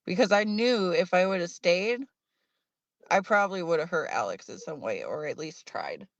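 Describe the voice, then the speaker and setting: A woman's voice: on the low side, big pitch swings, normal speed, vocal fry, no room sound. A woman who works as a medium, a guest on a podcast, telling her own stories in a chatty way with little laughs. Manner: chatty, laughs between sentences. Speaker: medium and paranormal investigator guest. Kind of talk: casual storytelling. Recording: dull lo-fi sound.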